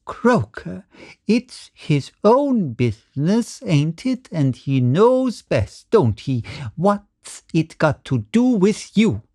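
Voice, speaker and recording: A man's voice: high voice, very animated, takes it slowly, warm tone, voice pushed up, exaggerated voice. A man voicing a fussing, motherly landlady who coaxes and scolds. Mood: coaxing.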